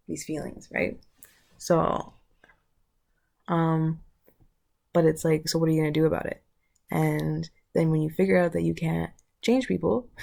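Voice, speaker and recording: Gravelly, low woman thinking aloud. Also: darkish tone. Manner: loose, searching, thinks aloud. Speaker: vlogger. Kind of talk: casual spiritual talk.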